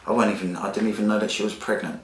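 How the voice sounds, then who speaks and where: A very deep-voiced man, talking bluntly and with feeling, full of street slang and swearing. He tells his story as a podcast guest. The room around him is echoey. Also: steady tone, rapid-fire, slight background noise. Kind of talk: candid personal storytelling.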